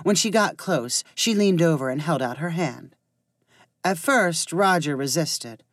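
A woman narrating a story aloud in an expressive reading voice. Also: low voice, a little slow, no room sound, clean studio sound.

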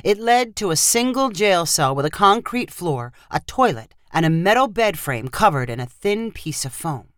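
A woman narrating a short fiction story with steady, expressive storytelling. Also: fairly low pitch, moderate pace, few pauses, dry recording, clean studio sound.

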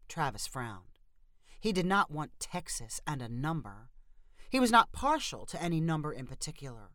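A woman narrating a storybook in a steady, even reading. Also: sits low, moderate pace, no echo, clean studio sound.

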